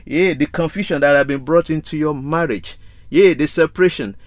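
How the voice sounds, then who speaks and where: A man delivering a sermon in a fairly high voice, building his points through repetition and rhetorical questions. The sound is dry and close, with no room echo. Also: moderate pace. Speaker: preacher.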